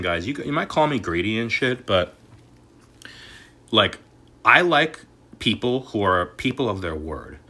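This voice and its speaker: A man delivers an angry, cursing vlog rant, his pitch leaping wildly between shouted outbursts and low, grumbling asides. His voice is bright and forceful, with a husky, raspy edge. The talk is a loose monologue that keeps circling back to his frustrations. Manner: angry and swearing, swings from shouting to muttering. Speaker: crypto and collectibles YouTuber. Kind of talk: profane ranting vlog.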